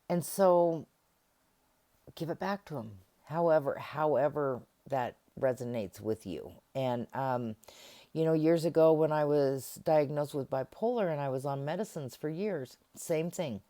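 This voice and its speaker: A woman's voice: low-pitched, unhurried, warm tone. A middle-aged woman giving a casual self-help talk to camera, acting out remembered conversations as she goes. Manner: conversational, acts out remembered dialogue.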